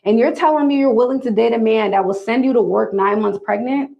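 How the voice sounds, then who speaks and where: A fairly high-voiced woman talks straight to her livestream viewers, calling them y'all. Her delivery is emphatic and preachy. The sound is a bit dull and lo-fi. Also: a little fast, vocal fry. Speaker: livestream host giving dating advice. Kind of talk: casual livestream talk to viewers.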